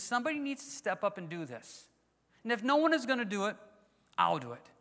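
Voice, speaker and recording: A man's voice: high-pitched, huge pitch swings, a little fast, bright, forceful tone. A man preaching a sermon, teaching conversationally and with emphasis, asking rhetorical questions. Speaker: pastor. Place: church sanctuary. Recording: long hall reverb.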